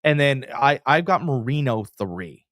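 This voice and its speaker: Animated man telling sports stories. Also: mid-range voice, a little slow, dry recording, studio quality. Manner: animated storyteller, acts out quotes. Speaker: podcast co-host. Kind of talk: casual sports chat.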